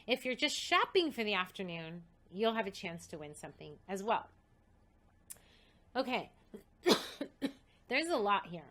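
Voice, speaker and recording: A woman host excitedly reading out a list of prizes, coughing and short of breath. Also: medium pitch, a little slow, pauses often. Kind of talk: casual livestream announcement.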